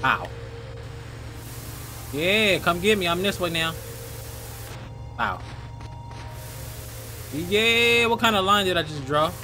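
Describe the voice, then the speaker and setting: A man's voice: high voice, big pitch swings, slow pace, pauses often, pushed and bright. A man giving casual, crude, joking gameplay commentary full of slang. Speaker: gaming youtuber. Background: game music.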